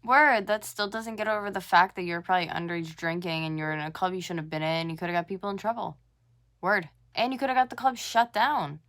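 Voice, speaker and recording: A woman's voice: fairly low pitch, brisk, fairly bright tone. A woman in her twenties from North America, giving sarcastic, indignant reaction commentary on a video. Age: 20s.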